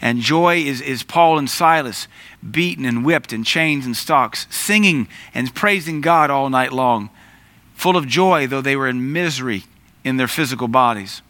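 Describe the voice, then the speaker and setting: A man preaching a conversational sermon, pausing to search for words and telling stories on himself. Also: mid-range voice, sharp tone, no room sound. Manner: conversational preaching with asides and self-corrections. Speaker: pastor.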